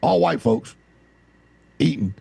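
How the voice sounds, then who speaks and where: A man's voice: on the high side, takes it slowly, gravelly, slightly rough, no room sound. A man from the American South, co-hosting a podcast and telling long rambling stories in casual chat. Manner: rambling anecdotal storyteller, animated. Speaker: podcast co-host.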